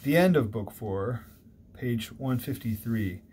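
In a recorded university lecture, a literature lecturer discusses a classic poem in a conversational, digressive way, thinking aloud with small restarts. His medium-pitched voice moves slowly with a darkish tone, picked up on a single mic with slight background noise.

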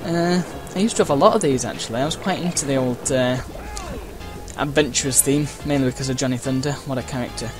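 A man talks casually over his racing game at a middle pitch, rambling between thoughts with lots of uhs and playful cheers. Loud game music and engine noise run under his voice. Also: fast. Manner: chatty and rambling, with frequent uhs and playful exclamations. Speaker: gameplay commentator. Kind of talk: casual let's-play commentary. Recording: game music and sound effects behind the voice.

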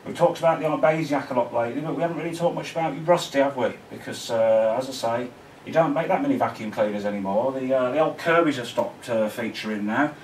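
A man's voice: medium pitch, quick pace, recorded from a distance, a little hiss or hum. A man hosting a vacuum cleaner video, talking in a rambling, joking, chatty way at home. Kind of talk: casual vlog talk. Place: indoors at home. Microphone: camera mic on a tripod. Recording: roomy, mic set away.

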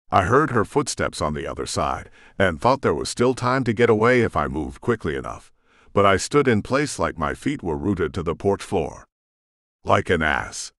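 A man narrating a romance audiobook in the first person, expressive and brooding. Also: sits low, no echo, clean studio sound.

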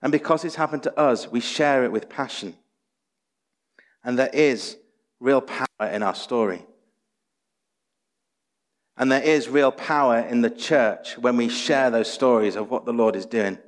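A man's voice: medium pitch, unhurried, long pauses. Man, pastor, earnest sermon, rhetorical questions, echoing church hall. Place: church sanctuary. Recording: long church hall reverb.

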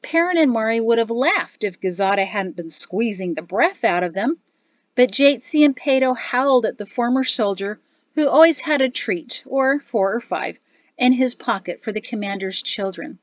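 A woman's voice: on the high side, normal speed, no room sound, lo-fi sound. Woman narrating an audiobook. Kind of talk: scripted narration.

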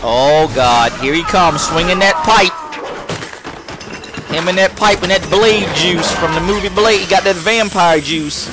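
A man doing excitable, trash-talking commentary on the game he is playing. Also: high voice, measured pace, very noisy. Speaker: let's play gamer. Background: game music.

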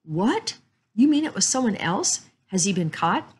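A woman reading aloud and voicing an older, quick-tempered mansion owner who talks in a snappish, demanding way. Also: mid-range voice, sing-song, breathy edge, pitched above the performer's own voice. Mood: eager.

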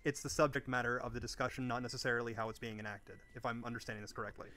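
A man's voice: medium pitch, fairly even intonation, racing, sharp tone. A man in an online debate who tries to mediate, hedging carefully as he rephrases a question.

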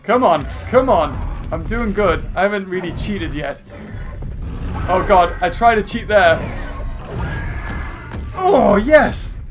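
Excitable man with a high voice. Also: a little slow. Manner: excitable, yells and swears at the game. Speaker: gaming channel host. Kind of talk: let's play commentary. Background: video game music.

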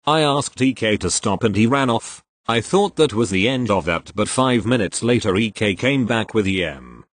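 A man's voice: fairly low pitch, animated, moderate pace, dry recording. A man reading online forum posts aloud, spelling out abbreviations letter by letter as he goes.

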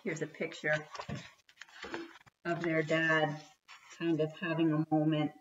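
A woman reading a children's book aloud with expressive storytelling. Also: low-pitched, takes it slowly, dull audio. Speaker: reader.

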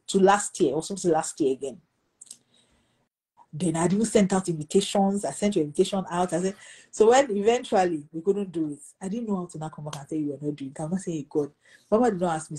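Woman pastor, warm husky storyteller. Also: low-quality recording. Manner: animated, acts out quoted dialogue with pitch jumps. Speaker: pastor and guest. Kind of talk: storytelling testimony in conversation.

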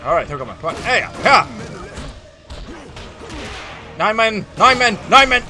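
An excitable man chatting through his gameplay in a high, bright voice. He jumps between pitches constantly, yelping and groaning as the game goes on. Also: brisk, hardly any pauses. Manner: loud, excitable, exclaiming and groaning as he plays. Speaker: gaming video host. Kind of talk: casual gameplay commentary.

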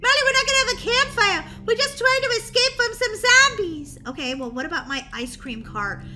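A woman voicing an excitable, goofy schoolgirl who stammers and panics in a roleplay voiceover for a game video. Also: very high voice, brisk, slight background noise, voice pushed up, exaggerated voice. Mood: silly. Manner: stammering, breathless and jumpy.

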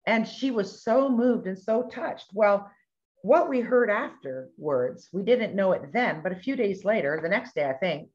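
A middle-aged woman telling a testimony story in an animated way, acting out the voices of the people she quotes. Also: mid-range voice, measured pace. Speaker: ministry speaker sharing testimony. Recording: dull lo-fi recording.

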